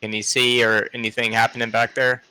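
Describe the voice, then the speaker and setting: Bright chuckly man player. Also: mid-range voice, level tone, a little fast, clear, resonant tone, no echo, poor audio. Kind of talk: casual tabletop game chat.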